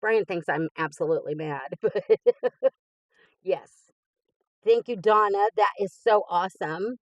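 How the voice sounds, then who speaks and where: A woman hosts her craft channel in a relaxed unboxing chat. She gushes over each item with soft laughs, talking at a middling pitch. The sound is dry and close. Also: measured pace, no echo, dull audio. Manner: chatty and gushing, with soft laughs.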